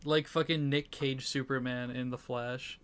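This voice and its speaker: A man's voice: mid-range voice, level tone, a little slow, a bit bright, clear, resonant tone. A man co-hosting a casual movie review podcast, talking with enthusiasm, swearing casually and trailing off mid-sentence. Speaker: podcast co-host.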